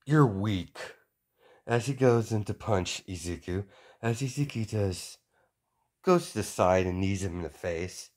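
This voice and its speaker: A man's voice: lowish voice, darkish tone. A man improvising a fan story, hesitant and rambling, chaining clauses with "as". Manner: hesitant, many fillers and restarts, chains clauses with "as".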